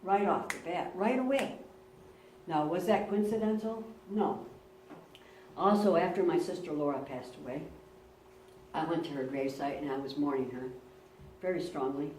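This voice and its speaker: A woman's voice: low voice, moderate pace, long pauses, a little mellow, a little hiss or hum. A woman pastor giving a sermon, telling personal stories earnestly and repeating words for emphasis. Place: church. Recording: roomy church, recorded from a distance.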